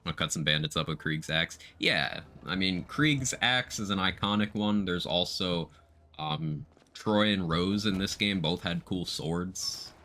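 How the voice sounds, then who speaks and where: Very deep-voiced, bright-toned male streamer. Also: a little slow. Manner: chatty, reads out viewer chat while playing. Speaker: game streamer. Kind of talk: casual gameplay commentary.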